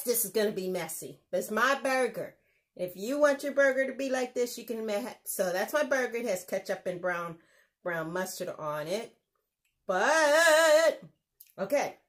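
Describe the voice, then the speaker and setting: This US cooking show host has an expressive mid-range voice and talks at normal speed. Running a relaxed home cooking demonstration, she chats exuberantly and laughs frequently while explaining every step.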